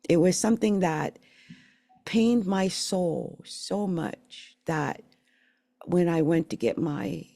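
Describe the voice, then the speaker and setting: A middle-aged woman from the Philadelphia area telling her life story in a candid, emotional, rambling way, with halting restarts. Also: lowish voice, vocal fry, dark tone, no room sound. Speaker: channel host sharing her life story. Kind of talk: personal storytelling monologue.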